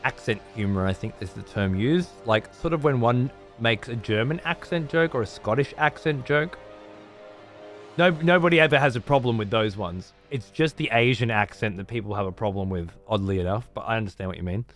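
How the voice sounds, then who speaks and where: Man, streamer, casual chat, heavy profanity, blunt, rambling, medium pitch, faint background music. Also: fairly quick, fairly bright tone.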